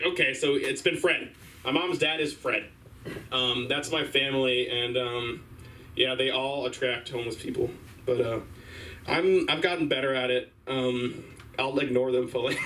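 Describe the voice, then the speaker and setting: Young man, open-mic comedian, rambling and halting, bright voice, distant mic. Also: mid-range voice. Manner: rambling, halting, filler-heavy. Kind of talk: rambling stand-up set. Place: small comedy stage. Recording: distant mic, faint room noise.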